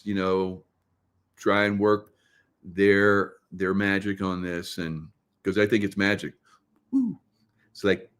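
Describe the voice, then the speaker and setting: A middle-aged man hosting casual political commentary, rambling with many fillers and tag questions. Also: lowish voice. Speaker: host.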